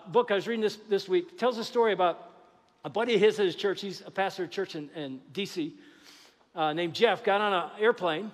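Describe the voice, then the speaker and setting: Animated high-voiced male pastor preaching. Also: big-room sound. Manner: animated, acts out dialogue with God. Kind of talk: sermon. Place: church sanctuary.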